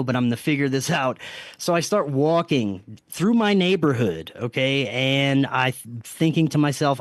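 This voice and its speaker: With no echo on the recording, a man with a mid-range voice earnestly relates a strange experience as a podcast guest. His casual interview storytelling includes restarts and quotes of his own self-talk.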